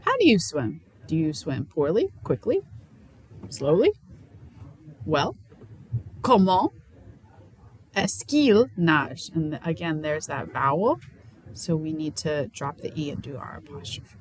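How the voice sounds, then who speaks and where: A woman's voice: low-pitched, big pitch swings, takes it slowly, long pauses, darkish tone, a little hiss or hum, low-quality recording. A woman teaching French question words in an upbeat, playful way. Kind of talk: lesson.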